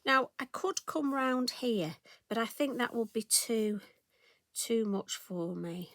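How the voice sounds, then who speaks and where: Working through a card-stamping tutorial, a middle-aged craft host chats with her viewers and pokes fun at herself. Her voice runs on the high side, animated and a bit bright, though she takes things slowly. The recording is dry.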